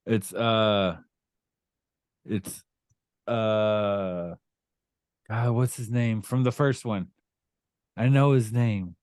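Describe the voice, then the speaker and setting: Slow-talking middle-aged man, rambling. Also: fairly low pitch, darkish tone, smooth, dry recording, studio quality. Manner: rambling, searching for words. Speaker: podcast host, father. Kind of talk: casual chat.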